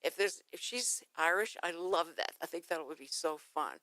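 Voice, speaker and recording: A chatty woman hosting a radio talk show, her pitch swinging widely as she tells stories and laughs along with her guest. She often slips into playful accent impressions. The studio sound is dry and close. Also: lively intonation, normal speed, fairly bright tone, no echo.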